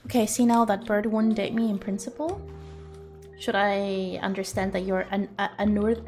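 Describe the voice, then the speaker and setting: A woman's voice: medium pitch, fairly even intonation, moderate pace, darkish tone, soft background music. A young woman from Greece, a streamer chatting casually with her viewers in a rambling, teasing way. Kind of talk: casual chat.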